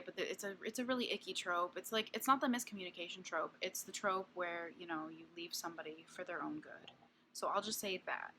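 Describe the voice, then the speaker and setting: A woman's voice: on the low side, sharp tone, slight background noise. A woman in her twenties giving a casual book review vlog, blunt and candid, swearing freely and peppering her talk with fillers. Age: 20s.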